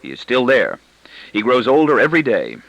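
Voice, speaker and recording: A man's voice: mid-range voice, wildly swooping pitch, fairly quick, a bit bright, no echo, dull audio. A man narrating an audiobook in the first person, with a wry, ironic delivery.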